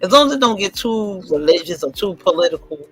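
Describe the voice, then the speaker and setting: A woman's voice: lowish voice, fairly quick, a crowd in the background. A woman hosting a livestream in casual chat, speaking, emphatic and profane, telling stories with lots of energy. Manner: emphatic, profane, animated storytelling. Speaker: livestream host.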